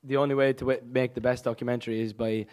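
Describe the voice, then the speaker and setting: Fast-talking joking young man. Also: mid-range voice, little pitch movement, a little mellow. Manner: joking, brisk. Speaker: interviewee. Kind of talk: casual press interview.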